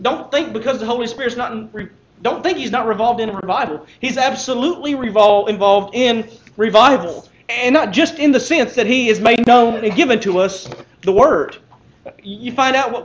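A man preaching a sermon, earnest and emphatic, with frequent restarts as he explains Scripture. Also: high-pitched. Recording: slightly dull, faint hiss.

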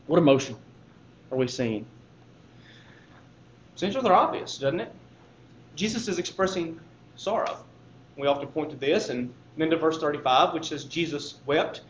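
A man's voice: fairly high pitch, roomy sound, muffled recording, a little hiss or hum. A man preaching a sermon as pastor, talking to the congregation conversationally and building to emphatic points.

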